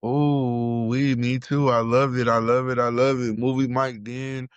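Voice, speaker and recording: Energetic male co-host, slangy and playful, smooth voice, dry close sound. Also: medium pitch, a little slow, no echo, lo-fi sound. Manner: hyped, slangy, playful shout-outs. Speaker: podcast co-host. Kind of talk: casual wrestling podcast chat.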